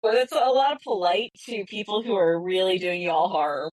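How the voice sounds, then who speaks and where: A woman from California with a Bay Area accent, hosting a casual podcast chat in an animated, emphatic way. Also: medium pitch, moderate pace, dry recording, poor audio. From California, USA. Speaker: podcast host.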